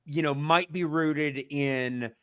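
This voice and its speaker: A man on a podcast giving a casual mock lesson, talking slowly and explaining step by step with lots of fillers. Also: a little high, steady tone, a bit bright, clean tone. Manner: slow, explanatory, many fillers and restarts. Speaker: podcast co-host.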